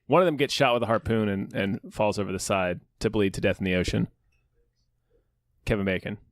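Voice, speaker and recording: A man's voice: fairly low pitch, brisk, dry recording. Wry joking man, dry close sound. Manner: wry, joking, swears casually. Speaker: podcast co-host. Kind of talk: casual chat.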